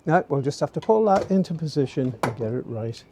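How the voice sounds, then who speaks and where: A man's voice: fairly high pitch, expressive, brisk, background noise. A middle-aged man, talking casually through a DIY build outdoors and tossing in jokey asides and tag questions like "eh?". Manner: chatty, jokey, fond of tag questions like "eh?" and "don't you?". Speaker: DIY channel host. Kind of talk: casual DIY how-to narration. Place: outdoor garden workspace, light rain.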